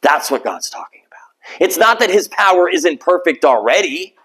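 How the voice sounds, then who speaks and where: Guy pastor preaching, chatty and self-deprecating, higher-ish voice, acts out the voices he quotes. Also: big pitch swings, moderate pace, fairly bright tone, breathy edge, poor audio. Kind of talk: sermon.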